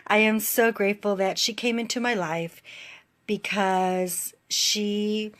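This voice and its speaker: Tearful woman giving a slow testimonial. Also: mid-range voice, steady tone, fairly bright tone. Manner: tearful, emotional, laughing through tears. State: crying. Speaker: fitness coach giving a testimonial. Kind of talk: emotional video testimonial.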